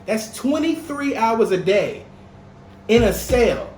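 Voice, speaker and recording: A young man with a fairly high voice co-hosts a casual podcast, driving his points home with heat and plenty of swearing. He is recorded in an echoey room with a faint hiss behind him. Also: very animated, takes it slowly, darkish tone. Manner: heated, profane, emphatic. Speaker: podcast co-host.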